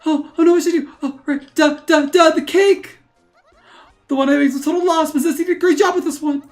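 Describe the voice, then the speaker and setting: A woman's voice: high-pitched, steady tone, quick pace, darkish tone, faint music behind, voice pushed up, close to an everyday voice. A woman voicing a frantic young female superfan who squeals and gushes breathlessly. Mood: gushing excited.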